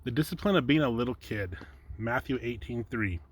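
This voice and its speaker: A man's voice: mid-range voice, expressive, moderate pace. A man giving an informal Bible teaching from his slides, chatty and rambling, breaking off often to chuckle. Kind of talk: casual home teaching with slides.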